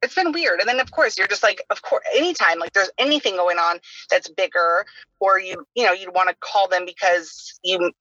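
A woman's voice: mid-range voice, moderate pace, sharp tone, dry recording. A woman in her thirties hosting a casual podcast chat, talking freely and filling her sentences with "like". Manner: chatty, heavy use of "like" fillers. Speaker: podcast host. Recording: dull lo-fi sound.

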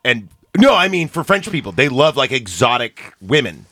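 A man's voice: medium pitch, very animated, moderate pace, vocal fry, pushed and bright. Rambling, crude-joking man chatting about a film. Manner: rambling, joking, crude, trails off mid-thought. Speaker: podcast co-host. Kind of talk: casual movie discussion.

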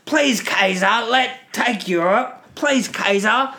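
A man's voice: high-pitched, takes it slowly, pushed and bright, full character voice. A man improvising a pompous, mock-posh English firefighter in a comedy role-play, full of put-on toff phrases.

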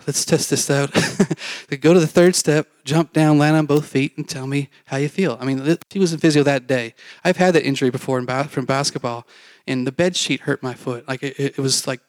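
A man's voice: medium pitch, no echo. Candid man telling his testimony. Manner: candid, self-mocking, acts out dialogue. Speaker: preacher giving testimony. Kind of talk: personal testimony storytelling.

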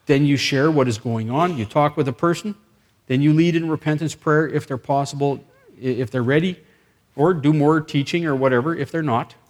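A man preaching a sermon, telling a story with lively acted dialogue and sudden bursts of excitement. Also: on the high side, normal speed.

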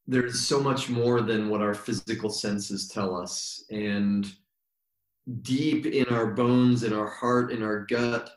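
A man guest on an interview, telling stories in a reflective, meandering way and slowing down for emphasis. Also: lowish voice, steady tone. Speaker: yoga teacher, podcast guest. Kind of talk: relaxed storytelling interview. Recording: roomy echo.

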